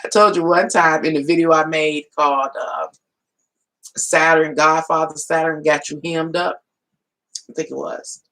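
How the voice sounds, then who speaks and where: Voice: medium pitch, steady tone, unhurried, a bit bright, low-quality recording. A tarot reader on a live stream telling a folksy, casual story, laughing often and talking to viewers as y'all. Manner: folksy, colloquial storytelling with quoted dialogue.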